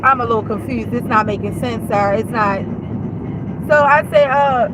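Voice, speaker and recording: Swearing freely, an adult mother rants bluntly to her viewers in a casual storytime, retelling a conversation with real heat. Her voice is on the high side and moves at normal speed against background noise.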